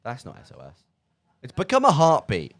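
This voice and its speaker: Young Midlands man, hugely animated delivery. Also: medium pitch. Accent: English Midlands. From English Midlands. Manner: chatty and jokey, quick to laugh at himself. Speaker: student radio host. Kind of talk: casual chat. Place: radio studio. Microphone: studio mic.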